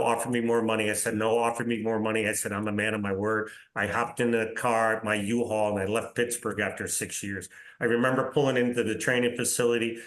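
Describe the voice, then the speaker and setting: An older man in his sixties tells career stories as a podcast guest, his voice sitting at an ordinary middle pitch. He talks in animated anecdotes and acts out what others said. A roomy echo hangs around his voice. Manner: animated anecdotes with reported dialogue and tag questions. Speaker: interview guest, soccer league commissioner. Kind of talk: casual storytelling in a podcast interview.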